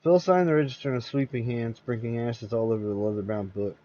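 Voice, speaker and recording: A man hosting and reading a horror story aloud, steady with occasional slips and restarts. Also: mid-range voice, fast, lo-fi sound. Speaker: host and storyteller.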